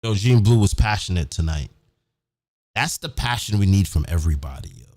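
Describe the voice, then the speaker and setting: A man's voice: low voice, lively intonation, a little fast, a little mellow, no room sound, clean studio sound. Fired-up man ranting on a podcast. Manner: emphatic, repetitive, keeps saying "man"; profane, fired up. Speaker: podcast host. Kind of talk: live-stream podcast rant. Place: home recording setup near a big city.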